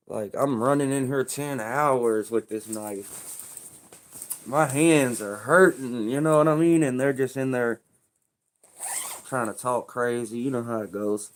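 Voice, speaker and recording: A man holds forth on a livestream in loose, profane street talk, blunt and unbothered. His voice sits in an ordinary middle pitch, and he rambles on in easygoing, conversational stories. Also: slow, a little hiss or hum. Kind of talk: casual storytelling on a livestream.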